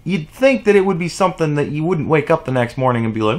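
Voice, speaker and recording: A man's voice: fairly high pitch, expressive, quick pace. A man delivering an exasperated, profane opinion rant on his vlog, with sarcastic asides. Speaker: vlogger.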